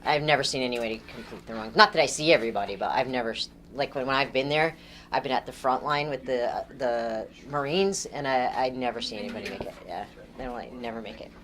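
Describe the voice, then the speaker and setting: A woman with a notably low voice tells a story to a group in a relaxed, chatty way. She is animated and laughs often between lines. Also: quick pace, slight background noise. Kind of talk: casual storytelling.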